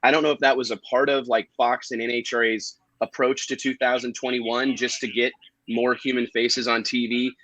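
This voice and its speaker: Bright-voiced man hosting a stream. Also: medium pitch, level tone, normal speed, poor audio. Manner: chatty, hesitant with fillers. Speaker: livestream host. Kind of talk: casual live-stream chat.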